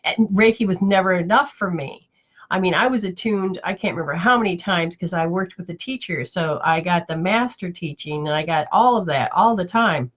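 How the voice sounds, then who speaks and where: A woman's voice: fairly low pitch, normal speed, dull audio. A woman spiritual teacher in casual live chat, telling stories in a rambling, emotional way with many restarts.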